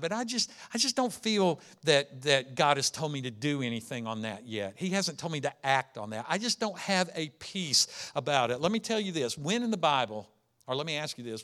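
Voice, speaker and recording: Male pastor, high bright voice, lively sermon delivery with rhetorical questions. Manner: animated storytelling, rhetorical questions.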